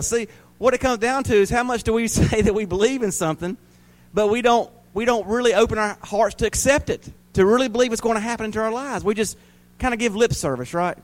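A man's voice: high-pitched, fairly quick. A man preaching a sermon to a congregation, folksy and joking, rising into emphatic preaching. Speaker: pastor.

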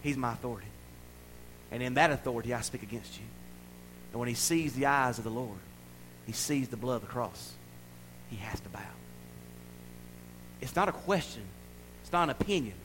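A man preaching a sermon in a folksy, playful way, building to loud declarations. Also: medium pitch, lively intonation, a little fast, long pauses, noisy background. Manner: folksy, playful preaching with acted-out voices and rising shouts. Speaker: pastor.

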